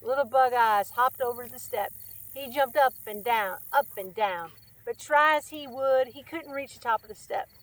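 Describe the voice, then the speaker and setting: A woman hosting a storytime and reading a children's picture book aloud. She is friendly and chatty between passages, and her voice sits fairly high. The narration is unhurried and plain. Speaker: storytime reader and host.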